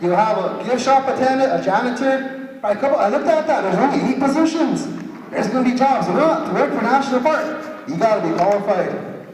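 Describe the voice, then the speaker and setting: A man's voice: extremely high pitch, animated, fairly quick, darkish tone, a little hiss or hum. Angry tribal councilman in an echoing hall. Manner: angry, blunt, repeats words when heated. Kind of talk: impassioned public speech at a meeting. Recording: echoey hall sound from far off.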